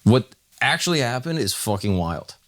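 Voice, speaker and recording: A man's voice: medium pitch, very animated, normal speed. A man co-hosting a podcast, casually retelling a story with swearing and acted-out quotes. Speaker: podcast co-host.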